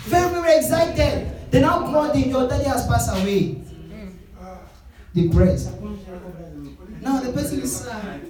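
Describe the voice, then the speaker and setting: A man preaching with energy, shouting and trading calls and responses with a crowd. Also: very high-pitched, lively intonation, unhurried, pauses often. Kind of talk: sermon. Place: large conference hall. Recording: echoey hall from far off with music.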